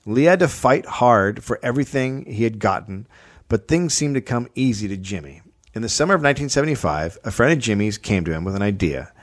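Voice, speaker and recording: A man with a medium-pitched voice who tells a history story for a comedy podcast. He keeps it dry and matter-of-fact, dropping in wry asides along the way. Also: lively intonation, fairly quick.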